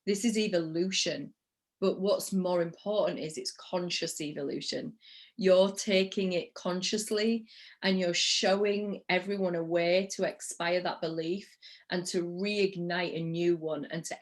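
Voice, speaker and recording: A woman hosting a live-streamed interview in an enthusiastic, encouraging, spiritual tone. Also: fairly low pitch. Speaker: podcast host.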